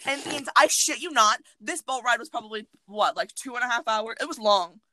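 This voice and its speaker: Fast-talking, bright young woman. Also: a little high, no echo. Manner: animated, profane storytelling with acted-out quotes. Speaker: podcast host. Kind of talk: casual chat.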